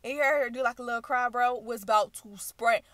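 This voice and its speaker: A young woman hosting a reaction channel, recapping a video in animated, chatty storytelling. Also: on the high side, fast, dry recording. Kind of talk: casual recap vlog.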